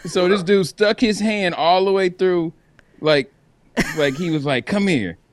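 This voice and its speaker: A man's voice: high voice, measured pace. A man co-hosting a casual talk show, joking and laughing through the banter. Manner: animated, laughing, joking impressions. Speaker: co-host.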